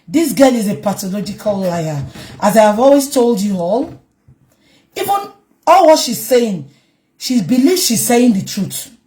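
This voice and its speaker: A woman with a Nigerian Yoruba accent delivers heated vlog commentary. Her high voice swings up and down in pitch as she drives her points home. She often breaks into emphatic shouts. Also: big pitch swings, measured pace. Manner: emphatic, switches between English and Yoruba, bursts into shouting. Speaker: online commentator.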